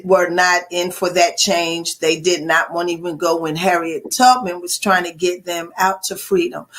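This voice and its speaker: A woman's voice: on the low side, a bit bright. A woman interviewer on a podcast, asking short, probing questions.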